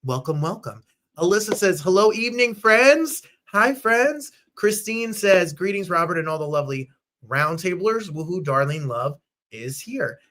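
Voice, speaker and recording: A fairly high-voiced man in his thirties hosts a live-stream chat show with gushing, bubbly energy. He is from New Jersey and keeps jumping into playful falsetto squeals and snatches of song. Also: sing-song, normal speed, a bit bright. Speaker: host.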